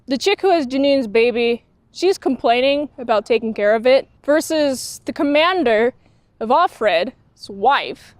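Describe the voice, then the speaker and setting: A woman giving a blunt, sarcastic spoken review of a TV show, acting out characters in quick quoted voices. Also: sits high, animated, no echo.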